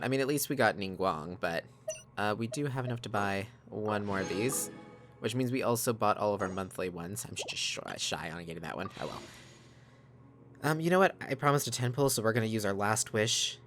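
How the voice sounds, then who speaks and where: A man's voice: lowish voice, lively intonation, a little fast, music in the background. A man hosting a let's play, chatting casually to his viewers on a desk microphone. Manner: chatty, addresses viewers as guys. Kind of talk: casual gaming commentary.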